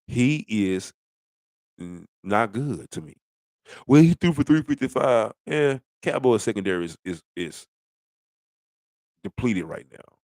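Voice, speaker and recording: A man's voice: lowish voice, animated, unhurried, long pauses, darkish tone, dry recording. A middle-aged man ranting bluntly about football in a rambling, casual way, full of rhetorical questions. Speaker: sports commentator. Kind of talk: casual sports rant.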